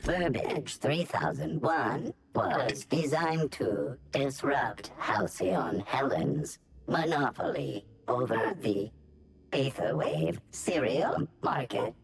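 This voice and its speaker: A man's voice: mid-range voice, big pitch swings, slow pace, crowd noise. A man voicing a theatrical male robot actor in a video game, with a stiff, mechanical, announcing delivery. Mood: smug.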